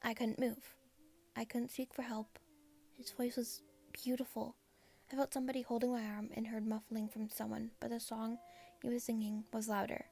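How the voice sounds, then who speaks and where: A woman's voice: fairly high pitch, flat delivery, normal speed, gravelly, warm tone. A woman casually reading her own first-person fan fiction aloud. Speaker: fanfiction reader.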